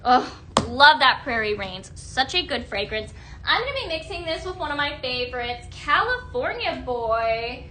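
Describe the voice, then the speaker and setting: A woman hosting a live shopping stream, gushing in an upbeat sales pitch to viewers she calls her friends. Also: big pitch swings, normal speed, bright, forceful tone, a little hiss or hum.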